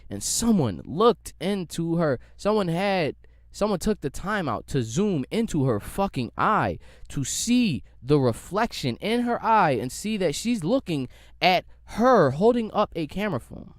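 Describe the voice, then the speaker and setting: A young man hosting a solo podcast, delivering a heated, profane, animated rant. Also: sits high, unhurried, no echo, studio quality. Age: young adult. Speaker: podcast host. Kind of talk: solo ranting monologue.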